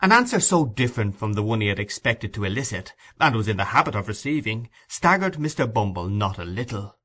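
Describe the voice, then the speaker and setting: A man narrating a classic novel as an audiobook in a measured storytelling manner. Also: on the low side, expressive, a bit bright.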